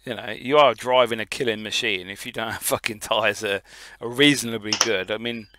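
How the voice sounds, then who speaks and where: A man's voice: lowish voice, brisk, dry recording. A man co-hosting a podcast, chatting casually and swearing freely as he tells stories. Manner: sweary, animated storytelling. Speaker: podcast co-host. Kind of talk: casual chat.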